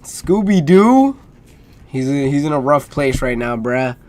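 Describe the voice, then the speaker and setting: A man's voice: medium pitch, very animated, measured pace, a little mellow. A man streaming casual reaction commentary, hyped and slangy, talking back at the screen.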